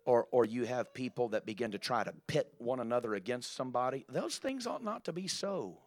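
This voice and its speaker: A man's voice: mid-range voice, lively intonation, a little fast. Emphatic man preaching a sermon. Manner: emphatic, building to loud rising exclamations.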